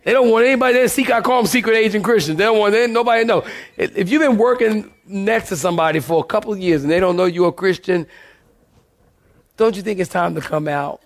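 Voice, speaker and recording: Higher-voiced pastor preaching with jokes. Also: male voice, fast. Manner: animated, joking preacher who calls out to the congregation. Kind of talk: sermon.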